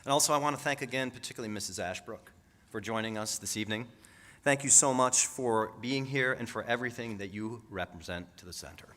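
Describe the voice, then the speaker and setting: A man's voice: mid-range voice, fairly quick, noisy background. A man hosting a banquet, speaking with enthusiasm and a few stumbles and restarts. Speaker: dinner host from the center. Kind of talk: event hosting remarks. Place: banquet hall.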